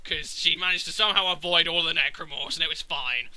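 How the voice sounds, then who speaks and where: A man's voice: on the high side, fast, bright, forceful tone, dry recording, rough recording. A man, ranting casually and profanely about a video game. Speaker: gaming video maker. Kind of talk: casual rant.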